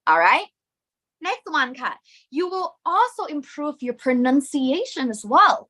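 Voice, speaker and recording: A woman with a Thai accent teaching a live online lesson, lively and encouraging, dropping Thai particles into her English. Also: sits high, moderate pace.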